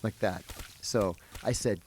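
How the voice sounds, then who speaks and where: A man, a guest in an interview, telling a story in an animated way and acting out the people he quotes. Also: fairly low pitch, slow pace, a little hiss or hum.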